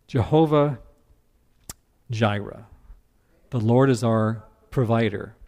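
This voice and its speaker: A man preaching a sermon as pastor, animated, breaking into character voices. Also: mid-range voice, unhurried.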